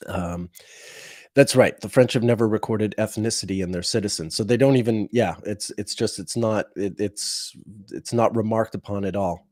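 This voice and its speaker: A man with a somewhat low voice hosts a casual livestream. He rambles, restarts his sentences and chuckles at his own wry asides. The sound is dry and close, with no room in it. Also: a little mellow, no room sound. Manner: rambling, halting, many fillers and restarts. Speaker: livestream host. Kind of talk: casual unscripted livestream talk.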